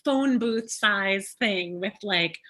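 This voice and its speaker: Speaking slowly with a medium pitch and a sharp tone, this author chats casually as a guest over a slight hiss or hum. Her talk meanders, restarting frequently and leaning on "like" and "you know."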